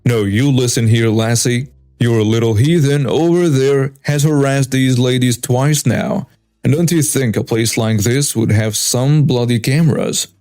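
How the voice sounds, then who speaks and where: A man's voice: mid-range voice, a little slow, mellow, faint music behind, close to an everyday voice. A man putting on a stern Scottish-accented defender.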